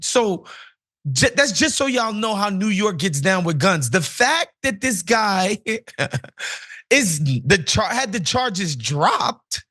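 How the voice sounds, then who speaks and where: A man's voice: sits high, bright, forceful tone. A man co-hosting a casual news commentary, blunt and exasperated, talking in slang. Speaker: co-host.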